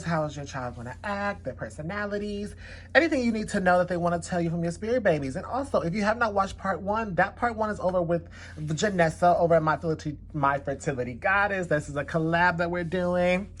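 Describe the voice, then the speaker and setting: Chatty low-voiced woman reading cards. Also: a little hiss or hum. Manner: chatty, repeats "definitely" often. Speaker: tarot card reader. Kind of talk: casual spirit baby card reading.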